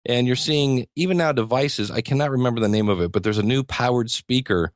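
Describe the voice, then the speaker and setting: Guest: man, middle pitch, eager and rambling, chuckles often, dry close sound. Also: a little fast, dry recording. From United States. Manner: rambling and enthusiastic, many restarts and chuckles. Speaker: podcasting teacher, guest. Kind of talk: conversational interview.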